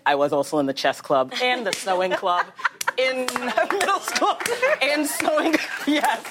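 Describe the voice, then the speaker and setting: A woman talk show guest chatting casually, telling a long rambling story with animated asides and laughs. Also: a little high, a little slow, heavy background noise. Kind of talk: casual chat.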